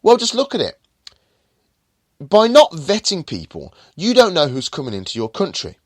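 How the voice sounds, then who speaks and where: A man's voice: fairly high pitch, huge pitch swings, moderate pace, dry recording, studio quality. Emphatic man ranting on a podcast. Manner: emphatic, indignant ranting with rising and falling emphasis. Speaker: podcast host. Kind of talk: political commentary podcast.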